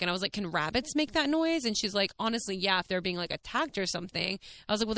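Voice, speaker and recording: Bright, chatty woman podcast host. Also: on the low side, smooth, no echo. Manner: chatty, rambling, animated retelling with laughs. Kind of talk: casual storytelling monologue.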